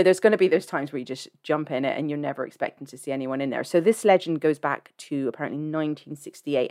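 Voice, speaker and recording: Blunt, low-voiced woman podcaster. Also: a little mellow. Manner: chatty, blunt, swears freely. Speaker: podcast host. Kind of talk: casual film review podcast.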